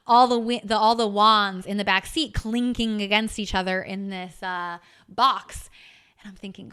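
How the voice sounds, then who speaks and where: Woman, podcast host, candid storytelling, swears freely, bright tone, smooth clear voice. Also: medium pitch, steady tone, normal speed. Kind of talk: personal storytelling monologue. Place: home.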